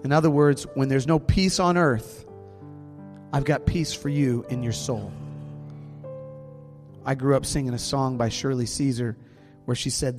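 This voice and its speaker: A man preaching a sermon as pastor, earnest and slowing down to stress key words, in a church sanctuary. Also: medium pitch, fairly even intonation, darkish tone. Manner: earnest, slows down for emphasis. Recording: long hall reverb, faint music.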